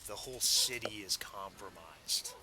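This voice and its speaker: A man voicing a weary, calm male community leader who speaks slowly and firmly. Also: fairly low pitch, poor audio. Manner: slow measured speech.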